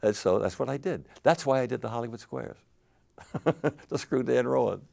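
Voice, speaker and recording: An older man, a game show host, telling stories in an interview with lively animated delivery. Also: medium pitch, normal speed, creaky. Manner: animated anecdotal storytelling with laughs. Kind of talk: storytelling interview.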